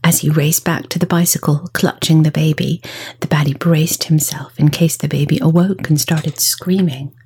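Husky, half-whispering woman storyteller. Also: deep voice, fairly even intonation, moderate pace. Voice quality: breathy, husky. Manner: soft, often half-whispered, playful emphasis. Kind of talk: scripted story narration.

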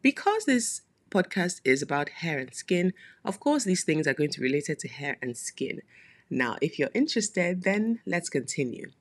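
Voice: mid-range voice, sing-song, moderate pace. A podcast host talking casually in a solo monologue, chatty and playful, with frequent laughing asides.

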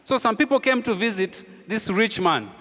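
A man preaching a sermon as pastor, emphatic, with rhetorical questions, often sinking low and quiet to drive a point home. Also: expressive, moderate pace, big-room sound.

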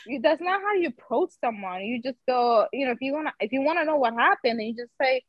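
A woman's voice: high-pitched, lively intonation, fast, no room sound, highs cut off. A woman, a podcast guest, talking earnestly in casual chat and often saying "you know".

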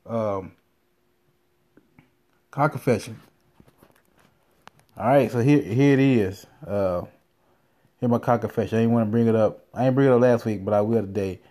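Man, podcast host, mellow voice, crude, rambling, casual, in a car. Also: on the low side, normal speed, long pauses. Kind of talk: casual profane storytelling.

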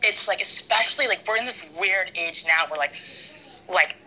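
Low-voiced, bright-toned earnest woman. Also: moderate pace, slightly rough, poor audio. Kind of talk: casual chat.

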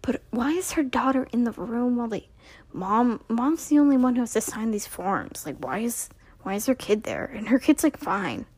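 A woman's voice: on the high side, expressive, normal speed, a little mellow, breathy edge, no room sound. A young woman recapping a TV episode in a casual, rambling way, full of "like" and acted-out character lines, sounding tired.

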